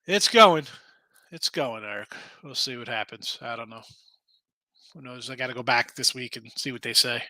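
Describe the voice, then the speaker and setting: A man's voice: mid-range voice, steady tone, moderate pace, bright, forceful tone, no room sound. A man hosting a casual sports betting show, arguing picks animatedly and reading chat comments aloud.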